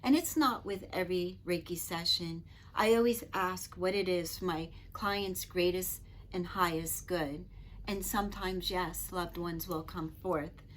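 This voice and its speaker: A middle-aged woman and Reiki master telling personal stories to camera in an earnest, gentle, chatty way. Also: fairly low pitch, measured pace, a little hiss or hum. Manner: earnest, gentle, chatty with frequent "you know". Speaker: Reiki master and spiritual teacher.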